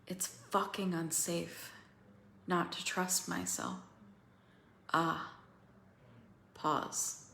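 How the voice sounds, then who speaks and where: A woman coaching other women through a feeling practice, slow and pausing, candid and swearing now and then. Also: lowish voice, level tone, creaky, a bit bright, roomy sound, a little hiss or hum. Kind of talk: guided emotional coaching talk.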